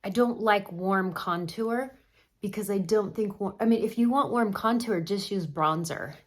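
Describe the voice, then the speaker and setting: A woman's voice: medium pitch, measured pace. A middle-aged woman talks through a makeup tutorial in a casual, chatty way. She gives her opinions freely as she works on her face. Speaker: makeup artist.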